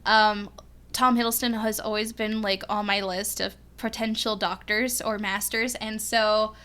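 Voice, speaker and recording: Excited bright-voiced young woman rambling. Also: mid-range voice, a little slow. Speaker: fan reaction vlogger. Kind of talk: casual rambling reaction vlog.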